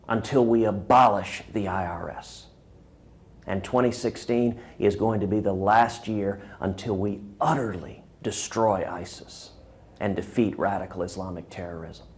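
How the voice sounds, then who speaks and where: A man's voice: lowish voice, darkish tone. A man running for president giving a recorded New Year greeting, using rallying, punchy repetitions and telling a joke. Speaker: presidential candidate.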